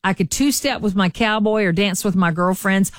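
A woman's voice: mid-range voice, normal speed, no room sound, clean studio sound. A woman hosting a morning radio show, chatty and folksy. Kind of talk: morning radio entertainment chat.

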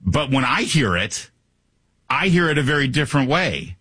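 A man hosting a talk radio show, delivering an opinionated, sarcastic monologue and jumping up in pitch when he mocks someone. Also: sing-song, moderate pace, sharp tone, breathy edge, dry recording. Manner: sarcastic, pitch jumps high when mocking.

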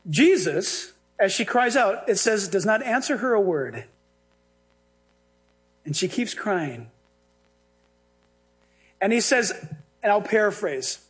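A male pastor preaching a sermon in a lively, humorous way, acting out the dialogue he tells. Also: high-pitched, measured pace, pauses often, soft background music.

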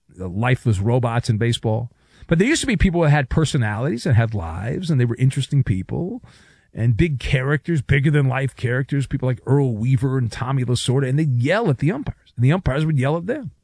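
A man's voice: medium pitch, darkish tone, no echo. A middle-aged man hosting a sports talk radio show, opinionated and sarcastic, with jokey asides.

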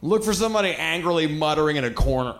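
A man's voice: a little high, animated, quick pace, vocal fry, a bit bright. A male stand-up comedian on a club stage, ranting in a profane, riled-up way. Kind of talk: stand-up set. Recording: echoey club with crowd laughter.

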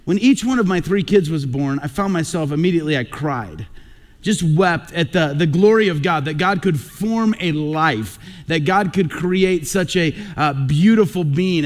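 A middle-aged man, a pastor, preaching a sermon on a radio broadcast with earnest personal stories and emphatic repetition. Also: high-pitched.

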